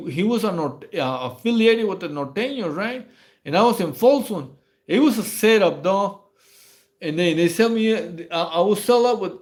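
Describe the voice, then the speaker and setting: This livestream host, a man from Mexico with a high-pitched voice, spins casual prison stories. He rambles and stammers, packs his talk with slang, and laughs frequently.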